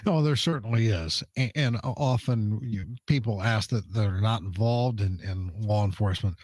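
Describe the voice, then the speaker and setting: A man's voice: on the low side, moderate pace, few pauses, darkish tone, no echo. A middle-aged man, a police public information officer, explaining a case earnestly as a radio interview guest, with many "uh" fillers.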